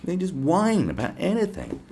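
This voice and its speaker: A man's voice: high voice, huge pitch swings, moderate pace, dark tone, a little hiss or hum. A man with a British accent hosting a podcast, ranting in a casual, profane, sarcastic way. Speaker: podcast host.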